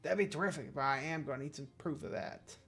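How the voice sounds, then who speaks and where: Guy doing a frazzled park groundskeeper, overworked, a bit higher voiced, rushing. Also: a bit bright. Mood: flustered. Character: overworked park groundskeeper man, flustered and harried.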